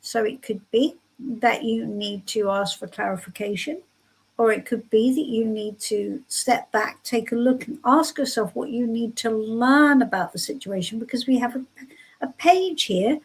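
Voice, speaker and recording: A woman's voice: on the high side, normal speed, husky, poor audio. A woman giving soothing, reassuring tarot readings on a live stream from home. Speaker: tarot reader.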